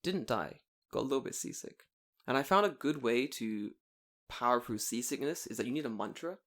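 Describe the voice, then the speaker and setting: A man's voice: mid-range voice, fairly quick. A man co-hosting a casual podcast, swearing freely and acting out his own thoughts while he tells stories. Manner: animated, swearing, storytelling with acted-out inner voices. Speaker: podcast co-host. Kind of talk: casual chat.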